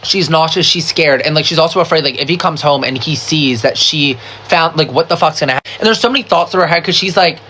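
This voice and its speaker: Bright, chatty, swearing storyteller. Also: mid-range voice, fast talker, hardly any pauses, a little hiss or hum. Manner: chatty, swears a lot, constant "like" fillers; dramatic, animated retelling with quoted voices. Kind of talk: casual storytime.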